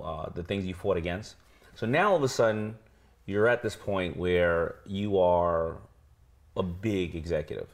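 Very deep-voiced male interview host. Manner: affirming, encouraging listener. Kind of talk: casual conversational interview.

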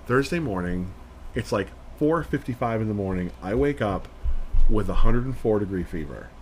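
A man co-hosting a podcast, telling a story in casual chat, rambling and animated, full of "like". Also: lowish voice, moderate pace, a little hiss or hum. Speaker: podcast co-host.

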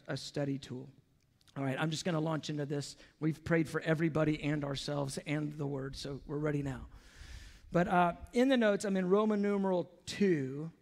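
A man preaching a sermon as pastor, talking to the congregation in a loose, conversational way with casual asides. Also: high voice. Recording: long echo from a large hall.

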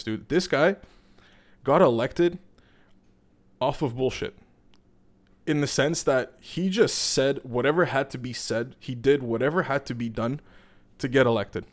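Young canadian guy ranting, cursing a lot, rambly and fired up, mid-pitched voice. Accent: Canadian English. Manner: profane, rambling, heated, digresses often. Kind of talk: casual political rant.

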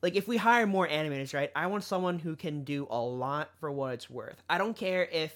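Chatty young man with a higher voice. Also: brisk, a bit bright. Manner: chatty, repeats words, lots of fillers. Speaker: podcast co-host. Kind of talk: casual chat.

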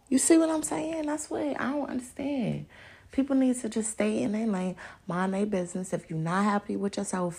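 Female podcast host, gravelly rasp, blunt and profane, animated straight-to-listener rant. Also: lowish voice. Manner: animated, laughs often. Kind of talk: casual chat, open discussion monologue.

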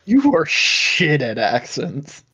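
A man's voice: on the high side, huge pitch swings, slow, bright, forceful tone, breathy edge. A man co-hosting a casual podcast, blunt and sweary, who often restarts his words. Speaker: podcast co-host. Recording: dull lo-fi sound.

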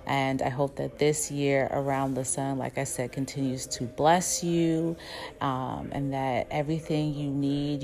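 A woman recording a warm birthday message for a close friend, affectionate but blunt and profane. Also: very deep voice.

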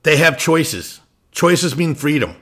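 A man's voice: a little high, expressive, slow pace, fairly bright tone, breathy edge. A man hosting a lacrosse show, ranting bluntly with swearing and restarts, irritated. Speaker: lacrosse podcast host. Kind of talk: opinion rant.

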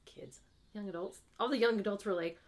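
A woman's voice: mid-range voice, fairly quick. A young adult woman co-hosting a casual chat, telling stories, acting out quotes and laughing often. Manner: chatty storyteller, acts out quotes, laughs often. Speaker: podcast co-host.

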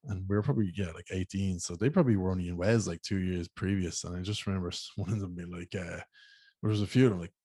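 A man's voice: sits low, quick pace, warm tone, slightly rough, no room sound. A young Irish man telling rambling, slangy stories in a casual monologue and swearing freely. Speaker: podcast host.

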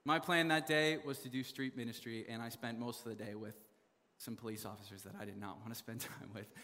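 A young man from Canada telling a funny story in a sermon, animated, laughing often and full of fillers. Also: medium pitch, a little fast, big-room sound. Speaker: preacher.

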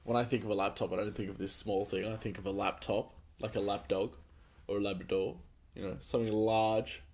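A man talking to listeners in a quiet, offhand, self-mocking ramble over a phone headphone mic. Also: fairly low pitch, steady tone, a little fast, slightly rough. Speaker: podcast host. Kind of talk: casual rambling monologue.

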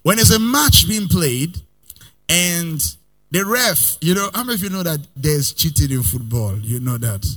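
A male preacher with a somewhat high, husky voice delivers a sermon. His pitch rises and falls dramatically as he moves from loud bursts to quiet asides, often lilting into a sing-song rhythm. He has his congregation repeat lines back to him. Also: moderate pace. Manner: animated preaching, swinging from loud to soft, sometimes sing-song. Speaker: pastor.

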